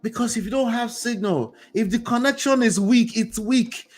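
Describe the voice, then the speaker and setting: A man hosting a motivational commentary show, speaking straight to his viewers in a preachy, animated way. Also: very high-pitched, normal speed, soft background music. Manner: preachy, animated, talks to the audience directly. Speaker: host.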